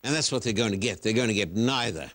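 A man's voice: fairly low pitch, animated, quick pace, a bit bright. A man hosting a broadcast religious interview in a studio. He is a pastor, and his questions come out earnest and probing. He stresses key words the way he would from a pulpit.

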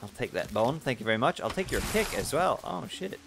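A man hosting a gaming video, giving playful, self-mocking let's-play commentary that breaks into loud excited yelps. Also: medium pitch, fairly quick, vocal fry, noisy background. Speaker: gaming channel host.

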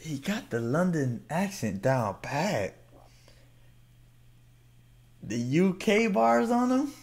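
A man hosting a reaction video, laughing often and repeating the lines he hears back in excitement. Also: on the high side, slow pace, creaky, slightly rough. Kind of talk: casual reaction commentary.

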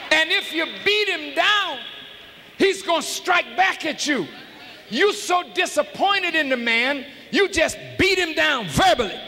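High-pitched shouting preacher man. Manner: shouting, emphatic, calls out to the audience. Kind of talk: fiery sermon. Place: large arena hall. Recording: live arena hall with faint crowd noise.

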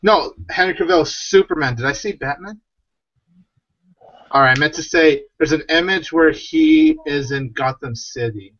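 A man's voice: a little high, normal speed, fairly bright tone, no echo. A man co-hosting a casual livestream, reading out viewers' questions and chatting. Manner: reads viewer questions aloud. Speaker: livestream co-host. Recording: dull lo-fi stream audio.

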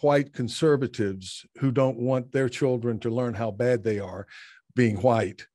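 A man hosting a podcast interview, talking thoughtfully and hesitantly with frequent pauses. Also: medium pitch, darkish tone, no echo, studio quality. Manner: hesitant, many uh fillers, thoughtful. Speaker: podcast host. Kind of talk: conversational interview. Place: Tokyo.

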